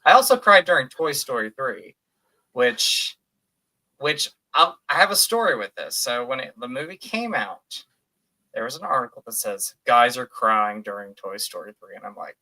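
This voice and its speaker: A man chats on a casual podcast, his voice bright and forward. He tells stories with lively quoted asides. His pitch sits in the middle for a man. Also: moderate pace, low-quality recording. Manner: animated, emotional storytelling with quoted asides. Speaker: podcast co-host. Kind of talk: casual chat.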